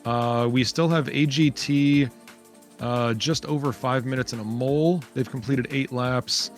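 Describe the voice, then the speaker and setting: A man's voice: medium pitch, steady tone, measured pace, faint music behind. A man giving live commentary on an online spaceship race, chatty and upbeat with plenty of fillers.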